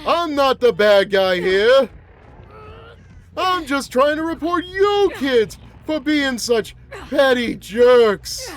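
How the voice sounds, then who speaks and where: A man's voice: extremely high pitch, sing-song, slow pace, exaggerated voice. A man doing a cranky old monster. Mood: grumbling. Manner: grumbling, rambling complaints with groans. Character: cranky rambling old man, a mutated flower-headed monster. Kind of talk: gameplay roleplay commentary.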